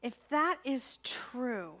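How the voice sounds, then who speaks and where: A woman, a spiritual practitioner, giving an inspirational sermon in a conversational, expressive way with repeated emphasis. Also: on the high side, very slow. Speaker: spiritual practitioner and ministry student speaker.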